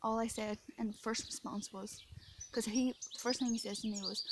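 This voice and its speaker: Speaking at a moderate pace in a fairly high voice that barely moves in pitch, an Irish woman vents emotionally to camera in the French countryside. She is shaken and indignant, rambles, and sometimes whispers, while birdsong and a noisy background sit behind her.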